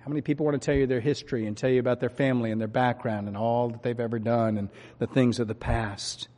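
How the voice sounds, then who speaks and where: A man preaching a sermon from the pulpit, swinging between loud urging and quiet earnest asides. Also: mid-range voice, fairly even intonation, fast talker. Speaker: pastor. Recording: long hall reverb.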